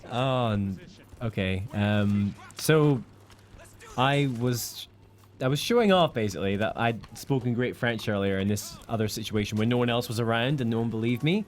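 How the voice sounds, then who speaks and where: A man's voice: medium pitch, moderate pace. A man from the United Kingdom co-hosting a live game stream, chatting casually and reading out viewer comments.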